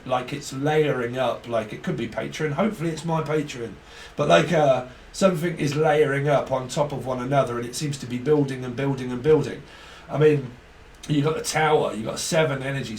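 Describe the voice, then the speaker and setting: A tarot reader gives a casual reading, rambling, free-associating, and cracking jokes. His mid-range voice sounds distant and off-mic in an echoey room, with faint hiss in the background.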